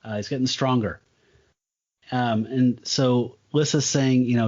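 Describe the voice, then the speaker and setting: A man's voice: medium pitch, fairly even intonation, a little slow, a little mellow, highs cut off. A man co-hosting a comic book podcast, recapping panels with rambling enthusiasm. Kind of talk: casual chat.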